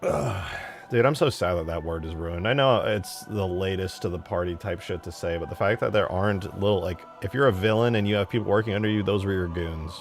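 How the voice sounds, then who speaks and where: A man's voice: low voice, fairly quick, soft background music. A young man casually streaming while modding a game map, rambling and swearing in slangy talk.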